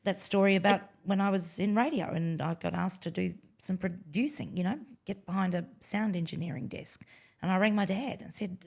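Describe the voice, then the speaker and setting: A woman's voice: medium pitch, fairly quick, gravelly, darkish tone. Woman recapping tips on a podcast. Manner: sums up points like a list of tips. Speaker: podcast co-host. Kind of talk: casual chat.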